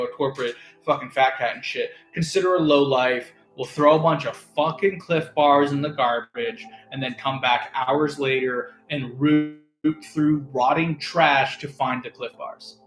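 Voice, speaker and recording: A man ranting in a casual, sarcastic, profane monologue as an online commentator. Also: on the high side. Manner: sarcastic, profane, swings between loud and mumbled. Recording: echoey room, faint music.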